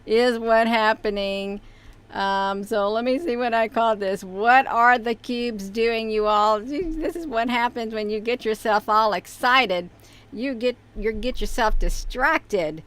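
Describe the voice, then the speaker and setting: A woman talks casually to her livestream viewers from her desk, rambling and filling pauses with "um" and "you all". Her voice is smooth and clear, sitting at an ordinary middle pitch for a woman. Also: fairly bright tone. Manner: rambling, chatty, many fillers, addresses viewers as "you all". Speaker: livestream host. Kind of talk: casual live-stream talk.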